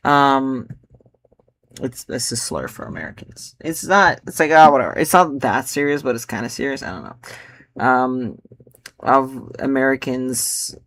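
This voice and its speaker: A man's voice: medium pitch, animated, measured pace, fairly bright tone, no room sound. Rambling young man musing on poems. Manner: rambling, full of filler words, drifting into mutters. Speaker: poet. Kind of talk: casual chat about his own poems.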